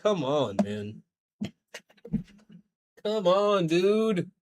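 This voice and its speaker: A man with a notably high voice chats with viewers while he plays a game. His talk is rambling and loose, heavy with swearing as he vents. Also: extremely slow. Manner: profane, rambling, animated venting. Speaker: streamer. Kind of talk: casual livestream chat while gaming.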